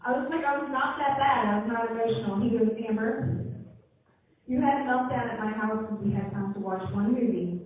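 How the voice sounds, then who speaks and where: A woman's voice: on the high side, brisk, a little hiss or hum. A young woman performing a live stand-up set, telling a chatty story and acting out the people in it. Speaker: stand-up comedian. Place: live comedy venue. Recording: echoey, tinny, from far off.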